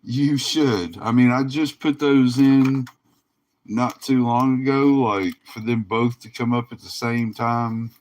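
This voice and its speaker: Tired, slow-talking man hosting a card break. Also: mid-range voice, darkish tone. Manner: laid-back, drawling, laughs often. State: tired, yawning. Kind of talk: casual livestream commentary.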